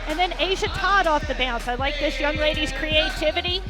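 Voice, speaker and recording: A woman's voice: high-pitched, fairly quick, over music. A woman giving color commentary on a basketball game, analytical and plain-spoken with a folksy turn of phrase. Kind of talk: sports commentary.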